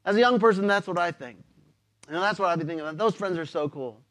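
A man's voice: high-pitched, quick pace, fairly bright tone. A man preaching a sermon in a casual, conversational way, using slang and often repeating words.

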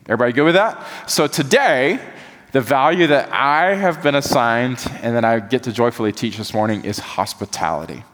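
A man delivers a sermon in a church. His voice carries a long hall reverb around it. He preaches in an animated, folksy way, then sinks to a hush to press his point. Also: mid-range voice, normal speed. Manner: animated, folksy preaching, drops soft for emphasis. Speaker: pastor. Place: church sanctuary.

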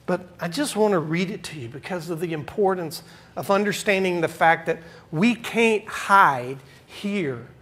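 Man preaching with loud and soft swings. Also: high-pitched, animated, measured pace, husky. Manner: swings from loud emphatic preaching to quiet asides. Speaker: pastor. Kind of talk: sermon.

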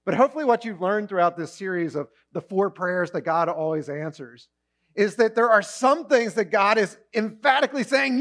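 Male pastor, high voice, lively sermon delivery with acted-out quotes. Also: moderate pace. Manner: animated, acts out voices in quotes. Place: church auditorium, also streamed online.

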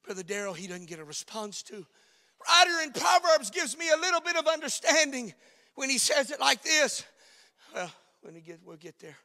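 A man preaching a sermon, swinging from shouted peaks down to hushed, near-whispered lines. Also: very high-pitched, big pitch swings, normal speed, long reverb tail. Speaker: pastor.

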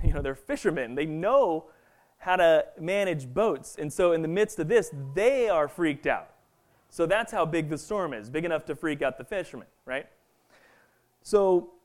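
A man giving a casual, conversational sermon, often checking in with the listeners with "right?". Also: on the high side. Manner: conversational, filler-heavy, keeps asking "right?". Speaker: pastor.

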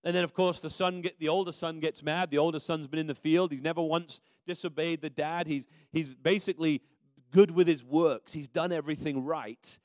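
A man's voice: on the high side, steady tone, brisk, dry recording. A man preaching a sermon as a minister, telling a story in a conversational way with frequent restarts.

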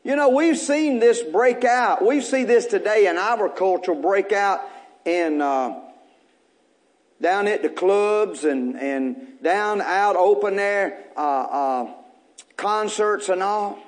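Man, pastor, sermon, very high voice, reads scripture, calls out to the congregation, builds to shouting. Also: animated, slow. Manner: reads scripture aloud and preaches on it, calling out to the congregation. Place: church service.

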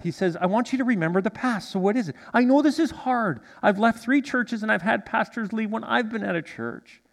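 Male preacher, lively, slightly high voice, long church reverb, sermon delivery. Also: gravelly. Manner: animated, with congregation call-and-response. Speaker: pastor. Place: church sanctuary.

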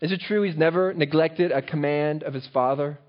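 On a dull, lo-fi track, a man preaches a sermon as a pastor, his voice on the high side and his delivery fairly quick. He engages the congregation by frequently posing rhetorical questions.

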